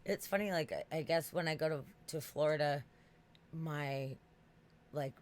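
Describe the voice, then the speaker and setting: A man with an East Coast accent, hosting a podcast in casual, animated, rambling chat, laughing often and swearing freely. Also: fairly high pitch, measured pace. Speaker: podcast host.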